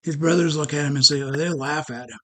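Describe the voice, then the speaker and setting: A man telling a motivational story at a networking meeting, animated and full of rhetorical questions. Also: a little high, fast talker, rough recording.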